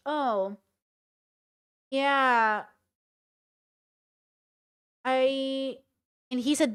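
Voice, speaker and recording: A woman's voice: a little high, moderate pace, clear, resonant tone, dry recording, studio quality. A woman streamer reacting to and reading out chat messages in a casual commentary style. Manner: casual, swears while reading.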